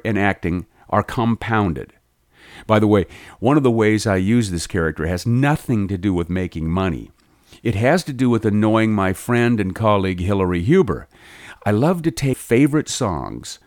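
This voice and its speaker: A middle-aged man teaching a voiceover lesson in a measured, explanatory way. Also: lowish voice, a little mellow, no echo, clean studio sound. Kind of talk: instructional narration.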